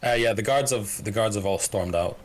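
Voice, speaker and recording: Brief: low male game master, narrates in halting bits with plenty of "uh". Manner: halting narration, full of "uh" and restarts.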